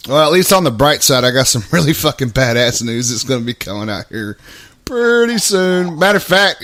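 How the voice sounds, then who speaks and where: A man's voice: mid-range voice, a bit bright. A man hosting a casual live talk show, laughing often and swearing freely as he chats. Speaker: podcast host. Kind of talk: casual profane chat.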